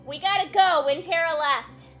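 Woman player, high lively voice, bright, brisk and determined. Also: soft background music. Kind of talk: casual tabletop play.

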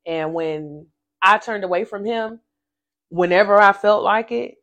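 A woman hosting a casual faith podcast, telling a personal story with animated, emphatic repetition and speaking straight to her listeners. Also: medium pitch, a little slow. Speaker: podcast host.

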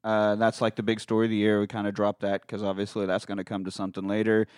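A man's voice: fairly low pitch, monotone, fast, darkish tone, clean tone, no room sound, clean studio sound. A man hosting a casual podcast, recapping a film and acting out its lines in put-on voices with frequent laughter. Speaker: podcast host.

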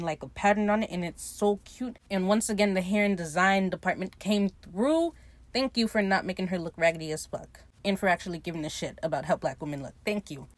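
A woman's voice: medium pitch, no room sound. A woman hosting a podcast, casually recapping a TV episode, swearing freely and acting out the characters' lines with laughter.

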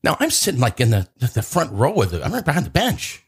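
A man's voice: mid-range voice, fast talker, slightly rough. A man, telling a story in casual chat as host and acting out quotes in a raised voice. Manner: animated, acts out quotes in a raised voice.

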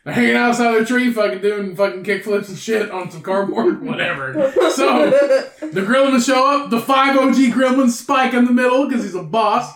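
A man's voice: very high-pitched, moderate pace, fairly bright tone, echoey room. A man co-hosting a podcast, telling a profane, rambling story in casual banter and laughing often. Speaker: podcast co-host. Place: room indoors.

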